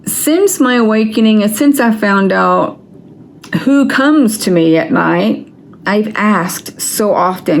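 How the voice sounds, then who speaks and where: Slow-talking, exasperated woman venting. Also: mid-range voice, lively intonation, gravelly, slight background noise. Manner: angry, frustrated venting with frequent swearing. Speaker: vlogger. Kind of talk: casual vlog rant.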